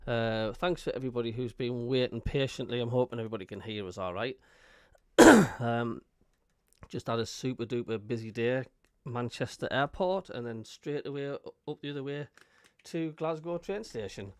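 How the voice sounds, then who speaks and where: A man's voice: medium pitch, moderate pace, smooth, dry recording, studio quality. A man with a Sunderland accent hosting a casual live-stream chat, rambling and reading viewer messages aloud. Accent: Sunderland (Mackem). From North East England. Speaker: host.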